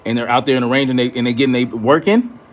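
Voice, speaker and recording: A man rants straight at his critics, blunt and profane, daring them to argue. He repeats his points to hammer them home, with his voice sitting at an ordinary middle pitch. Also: quick pace. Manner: repeats himself for emphasis. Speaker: commentator. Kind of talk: ranting commentary.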